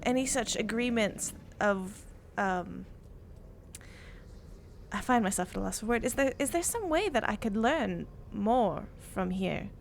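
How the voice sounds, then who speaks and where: A woman's voice: medium pitch, expressive, a little slow, vocal fry, a little hiss or hum. A woman voicing her own character, an earnest, polite young woman adventurer who hesitates and searches for words.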